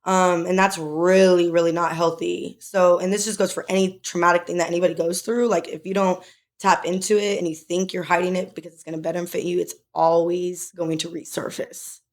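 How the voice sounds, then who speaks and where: Young woman co-host, low steady voice, speaks openly and emotionally in a casual personal story. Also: a little fast. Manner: emotional, tearful at times, filler-heavy. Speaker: podcast co-host.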